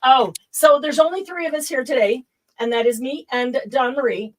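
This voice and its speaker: A woman hosting a casual craft livestream from home, talking over a computer mic. Her voice sits a little high, and she chats warmly and laughs easily while greeting viewers by name. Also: normal speed, rough recording.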